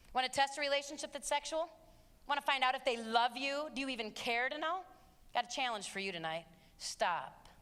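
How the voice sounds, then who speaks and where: A woman's voice: sits high, pushed and bright, a little hiss or hum. A woman giving a live motivational talk to teenagers, emphatic and preachy, repeating her key phrases. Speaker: abstinence speaker. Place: large hall with audience. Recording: reverberant live hall with audience.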